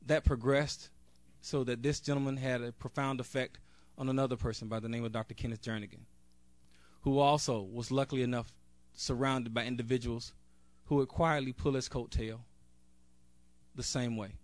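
A man's voice: mid-range voice, steady tone, normal speed, dry recording. Earnest man speaking off the cuff. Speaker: convention speaker, national board member. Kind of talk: speech at a convention. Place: convention hall.

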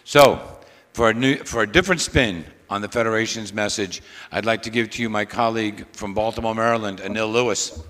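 A man introducing a colleague at a convention, speaking in a relaxed, wry way with some halting restarts. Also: lowish voice, slight background noise. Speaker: affiliate president introducing a speaker. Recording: long hall reverb.

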